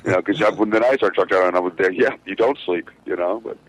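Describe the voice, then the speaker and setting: Low-voiced, fast-talking, profane storyteller man. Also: slight background noise, rough recording. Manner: rambling, profane storytelling with many fillers. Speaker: truck driver, show regular. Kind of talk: casual podcast chat.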